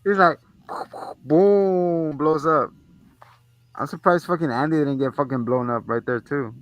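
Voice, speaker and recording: A man's voice: fairly high pitch, measured pace, no echo, dull audio. A man co-hosting a movie review show, retelling the plot in casual chat with lots of swearing and acted-out lines. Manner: animated retelling full of swearing, acts out the characters.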